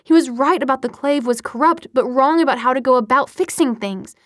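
A woman reading an audiobook, voicing a cocky, teasing young man who speaks smoothly and mockingly. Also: sits high, brisk, no echo, studio quality, close to an everyday voice.

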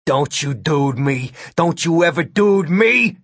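A man's voice: on the low side, animated, moderate pace, slightly rough, no echo, studio quality. A man doing seething New Jersey Eddie. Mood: furious. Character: angry young man Eddie with thick New Jersey accent.

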